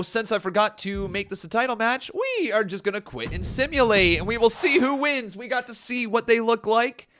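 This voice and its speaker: Excitable young man commenting on gameplay. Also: high voice, a little hiss or hum. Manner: excitable, jokey, breaks into chants. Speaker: gaming streamer.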